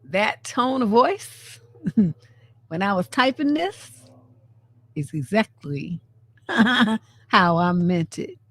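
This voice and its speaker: A woman relationship coach hosting a live stream, talking in a blunt, sassy, profane and animated way. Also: mid-range voice, drawn-out words, long pauses, no room sound. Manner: animated, laughs often. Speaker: relationship coach and show host. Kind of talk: casual live-stream commentary.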